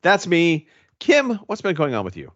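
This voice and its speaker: A man's voice: fairly high pitch, huge pitch swings, normal speed, fairly bright tone, lo-fi sound. Rambling man co-hosting a podcast. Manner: rambling, lots of restarts and swearing. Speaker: podcast co-host. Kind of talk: casual chat.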